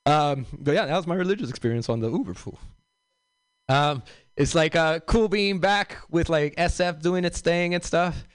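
Young LA comic, loose and rambling stand-up, smooth voice a touch high, dry close sound. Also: male voice, normal speed, dry recording. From South Central Los Angeles. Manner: loose, rambling delivery with many fillers and asides. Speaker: stand-up comedian. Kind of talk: stand-up comedy set.

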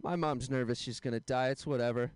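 A young man doing a stand-up set, telling deadpan one-liners with quick asides to the crowd. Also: medium pitch, smooth, no room sound. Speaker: stand-up comedian. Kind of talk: stand-up set at an open mic.

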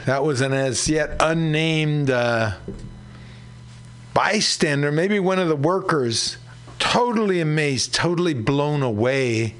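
A man hosting a community radio show, talking slowly and conversationally about labor news. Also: fairly high pitch, a bit bright. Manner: slow, unhurried, conversational. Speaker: radio host.

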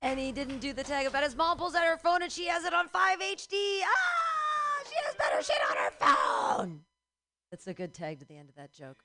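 A middle-aged woman doing a stand-up comedy set, ranting profanely and breaking into shouts. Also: very high-pitched, sing-song, normal speed, background noise.

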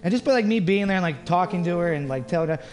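A man co-hosting a radio talk show, telling an animated, profane anecdote in casual chat. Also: sits high, racing.

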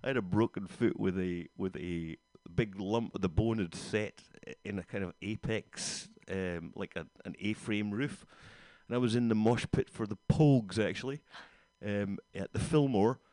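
A man hosting a radio show, chatting in a relaxed, wry way between songs. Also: lowish voice, moderate pace, dry recording. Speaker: radio host, DJ. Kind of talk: casual radio chat. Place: radio studio.

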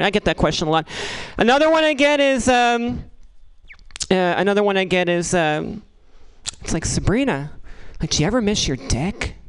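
A woman doing a stand-up comedy set, rambling and halting, with crude asides delivered deadpan. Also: on the low side, smooth, low-quality recording.

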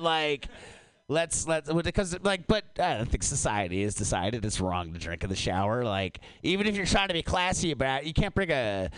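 A man performing a stand-up comedy set, animated and profane, swinging his voice up and down for bits. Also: on the high side, clean tone, no echo. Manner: animated, swearing, shifting voice up and down for bits. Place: comedy show venue.

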